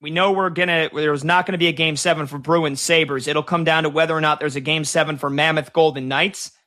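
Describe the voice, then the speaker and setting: A man with a high, bright, forceful voice talks sports live on a show. He jumps in with score updates, gets excited, and works through his thoughts out loud with quick restarts. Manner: excitable, thinks aloud in restarts. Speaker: sports talk show co-host.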